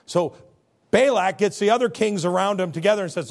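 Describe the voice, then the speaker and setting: A man's voice: high voice, fairly quick. A man preaching a sermon as a pastor, telling stories with comic character voices.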